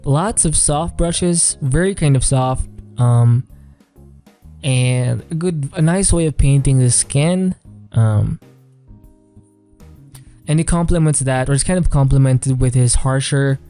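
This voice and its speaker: A man's voice: mid-range voice, takes it slowly, long pauses, faint music behind. A man giving casual, rambling commentary on artwork, full of fillers and hedging phrases. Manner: relaxed, rambling, many fillers and "kind of". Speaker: artist reviewing artwork.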